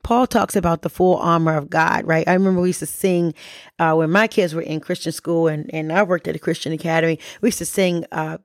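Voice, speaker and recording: A woman's voice: deep voice, fairly even intonation, fairly quick, no room sound, clean studio sound. A middle-aged woman hosting a faith podcast, teaching in a conversational way and often checking in with "right?". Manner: conversational, keeps asking "right?". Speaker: podcast host.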